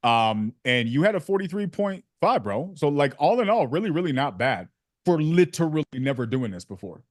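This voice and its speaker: A man's voice: on the high side, big pitch swings, normal speed, dry recording, studio quality. A man hosting a sales community on a video call, joking and slangy with lots of fillers. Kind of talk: casual coaching chat on a video call.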